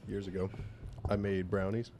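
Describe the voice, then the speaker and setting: A man's voice: lowish voice, little pitch movement, measured pace, dark tone, slight background noise. A laid-back man telling a rambling story in casual podcast chat, swearing now and then. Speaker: podcast co-host.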